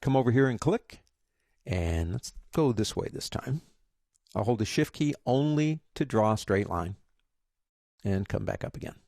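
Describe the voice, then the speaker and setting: A man teaching a software lesson, chatty and guiding step by step with joking asides. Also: fairly low pitch, lively intonation, measured pace, gravelly, no room sound, studio quality. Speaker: software instructor. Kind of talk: screen-recorded tutorial.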